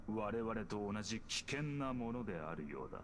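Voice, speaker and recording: Cool, scheming male game character: quick, measured delivery, mid pitch. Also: sing-song, a little hiss or hum.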